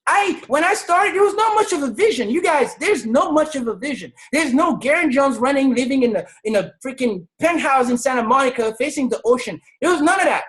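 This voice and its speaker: A woman in her thirties from Senegal giving an energetic, emphatic motivational testimony on a video call, often raising her voice to tell her story. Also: high-pitched, brisk, hardly any pauses, low-quality recording. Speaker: network marketing leader.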